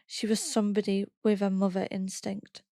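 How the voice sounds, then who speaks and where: A woman reading a first-person memoir aloud in a steady, plain storytelling manner. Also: mid-range voice, moderate pace, dry recording, studio quality. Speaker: podcast reader.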